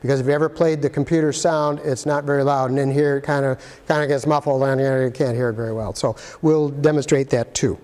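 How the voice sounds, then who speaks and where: A man's voice: mid-range voice, little pitch movement, a little fast, few pauses, darkish tone. A man giving a casual, practical walkthrough of presentation equipment in a room, with chatty asides to the viewer. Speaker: arts facility equipment guide. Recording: long hall reverb.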